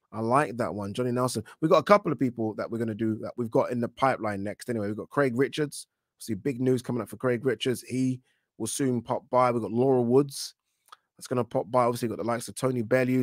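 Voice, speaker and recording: Animated man chatting boxing. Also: mid-range voice, no room sound, clean studio sound. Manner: animated, swears when worked up, many fillers. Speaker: boxing talk show host. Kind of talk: live-stream casual chat reading viewer comments.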